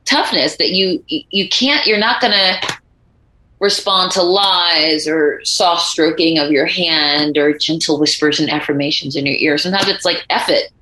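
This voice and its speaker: Bright-voiced woman telling animated stories. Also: low-pitched, unhurried, reverberant, a little hiss or hum, low-quality recording. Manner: animated storyteller acting out quoted voices. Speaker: author and guest. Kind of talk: conversational interview.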